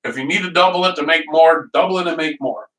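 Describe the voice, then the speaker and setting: Man, live cooking stream host, rambling and chatty, slightly high voice, echoey room. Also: fast talker, a bit bright, distant mic. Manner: rambling, chatty, greets viewers by name, laughs often.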